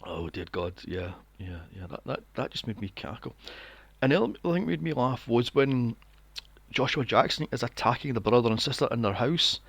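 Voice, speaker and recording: Guy ranting about a movie, swears a lot, gravelly, bouncy pitch, dry mic. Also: moderate pace, no echo. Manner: animated, sweary, acts out characters in mocking voices. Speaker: podcast co-host. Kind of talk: casual film review chat.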